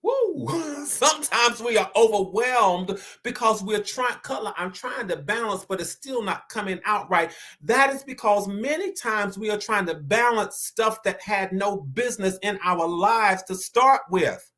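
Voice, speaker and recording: Inspirational speaker, sermon-style delivery, mid-pitched voice, stammers and repeats, slows down hard for emphasis. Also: fairly bright tone. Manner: preacher-like, rising to emphatic declarations. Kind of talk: motivational sermon-style talk.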